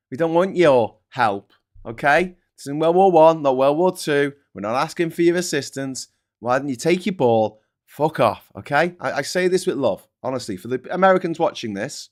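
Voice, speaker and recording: A British man hosting a political livestream and ranting with open anger. He swears constantly and lurches between loud outbursts and quiet, mumbled asides. His voice sits at an ordinary middle pitch. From Britain. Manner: angry, sweary, swings between shouting and mumbling. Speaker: livestream host.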